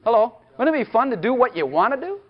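A man delivers an emphatic sermon in a strikingly high voice that swoops up and down. He keeps asking the congregation questions and slips into speaking as God. The recording sounds dull and lo-fi. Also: very animated, quick pace. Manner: emphatic, rhetorical questions, acts out God's voice. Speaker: preacher.

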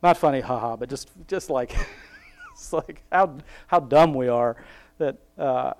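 A man's voice: medium pitch, a little slow. A young man giving a rambling, self-mocking devotional talk, laughing often and acting out quoted voices. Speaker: Christian speaker sharing a Bible reflection.

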